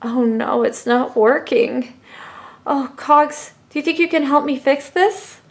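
A woman's voice: high voice, slow, vocal fry, heavily acted. A woman voicing a worried little toy rider who pleads anxiously for help during toy play.

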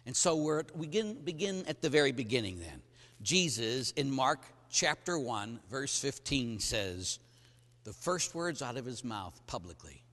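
A middle-aged man, a Catholic priest, preaching a sermon to men, emphatic and acting out stories with sudden loud bursts. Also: mid-range voice, very animated, measured pace. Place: large hall at a conference. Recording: reverberant hall.

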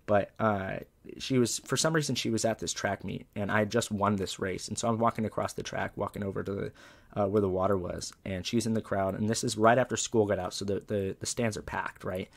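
A man's voice: fairly low pitch, steady tone, brisk, vocal fry. A young male comedian telling loose, profane stories in a casual, rambling way. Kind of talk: casual storytelling interview.

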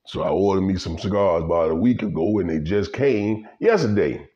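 A man's voice: low voice, a little fast, lo-fi sound. Folksy older man, chatty. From Louisiana. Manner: folksy, laughing, animated storytelling. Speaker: vlogger. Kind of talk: casual rambling commentary.

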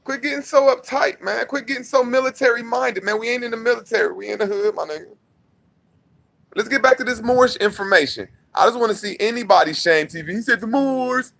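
A young man ranting at a rival vlogger in a heated, mocking way, repeating his challenge and swinging from loud outbursts to low mutters. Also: lively intonation, brisk, gravelly. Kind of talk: confrontational rant to camera.

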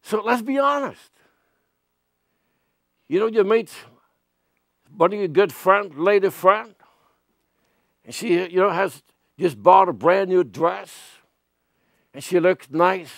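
Slow, gravelly-voiced male pastor. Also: high-pitched, a bit bright, no room sound, clean studio sound. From Europe. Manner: acts out everyday dialogue in raised voices. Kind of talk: sermon.

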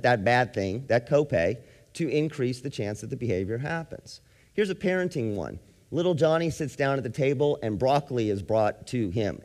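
A man's voice: medium pitch, darkish tone. A man, a psychologist, giving a presentation to an audience, explaining ideas with everyday examples and asking the audience questions. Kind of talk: lecture to an audience. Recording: long hall reverb.

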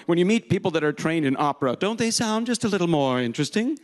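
A man's voice: a little high, expressive. A man, a voice impressionist, giving a rambling, self-deprecating conference talk on stage before a live audience. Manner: rambling, self-deprecating, slips in quick voice demos.

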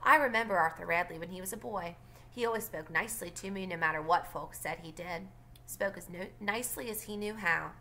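A woman's voice: on the low side, brisk, pushed and bright. A woman reading as a blunt older Southern neighbor lady. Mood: wry. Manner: dry, blunt and wry.

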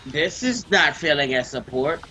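A man talking on voice chat while gaming, at a mid pitch with a bright, forceful tone. He teases his friend and argues back stubbornly. He keeps to a casual, bantering way of talking. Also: expressive, unhurried, soft background music, low-quality recording. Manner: teasing, stubborn. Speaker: gamer on voice chat.

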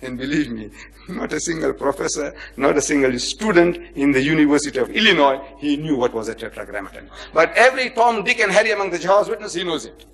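A man lecturing an audience on religion, emphatic and repetitive, with rhetorical questions and slow chanted phrases. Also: a little high. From India, raised in South Africa. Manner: chants phrases slowly, swings from soft to loud.

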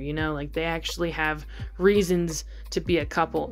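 Chatty young woman with a lowish voice. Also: steady tone, normal speed, soft background music. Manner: chatty, frequent filler "like", wry asides. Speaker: video essayist reviewing a movie. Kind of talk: casual spoken commentary.

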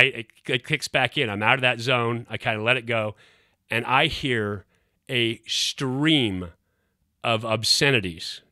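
A man's voice: mid-range voice, dry recording, studio quality. A middle-aged man, a former quarterback hosting his show, telling a story casually and acting out the quotes. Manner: animated, acts out quotes.

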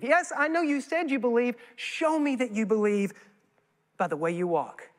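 High-voiced preacher in a reverberant hall. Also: male voice, normal speed. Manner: folksy, animated storytelling with quoted voices. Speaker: guest preacher. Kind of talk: sermon. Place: church sanctuary. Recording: long church hall reverb.

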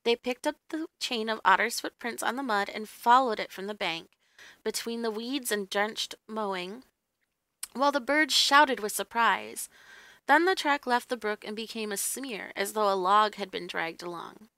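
Bright gravelly-voiced woman reading a story. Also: a little high, normal speed, no room sound. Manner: storytelling, gently expressive. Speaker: reader. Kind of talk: audiobook narration.

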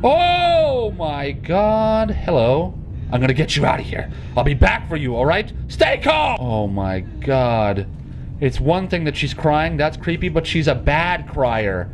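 A man's voice: medium pitch, animated, unhurried, faint music behind. Jumpy, rambling gaming host, man. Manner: rambling, jokey, jumpy and nervous. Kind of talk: casual let's play commentary.

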